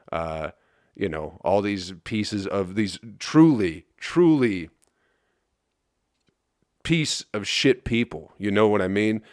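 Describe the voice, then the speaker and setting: Hungover man ranting, low dry voice. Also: dry recording. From Flint, Michigan. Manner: profane, exasperated ranting. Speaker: comedian podcast host. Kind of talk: solo rambling podcast rant.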